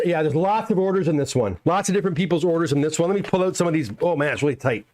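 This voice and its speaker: A middle-aged man from Canada chats his way through a live unboxing stream at home. His voice sits a little on the high side, and he reads out viewer comments and replies in a loose, self-deprecating way. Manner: chatty and self-deprecating, reads out comments and answers each one. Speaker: comic book pressing business owner streaming a live unboxing. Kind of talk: casual live-stream chat reading viewer comments aloud. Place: home workshop.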